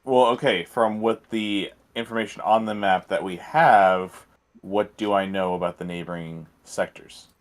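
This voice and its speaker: Man, deep voice, dry, matter-of-fact game player. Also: steady tone, moderate pace. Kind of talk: casual tabletop chat.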